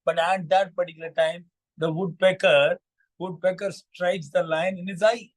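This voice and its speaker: A man hosting a morning vlog, narrating a moral fable in a halting way with many fillers and repeats. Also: high-pitched, steady tone, low-quality recording. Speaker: vlog storyteller.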